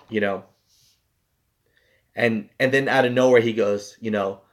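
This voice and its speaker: A man's voice: lowish voice, steady tone, a little slow, long pauses. Rambling, profane young man telling stories. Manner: rambling, profane, full of "like" and "you know". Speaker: truck driver and channel host. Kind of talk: casual storytelling to viewers.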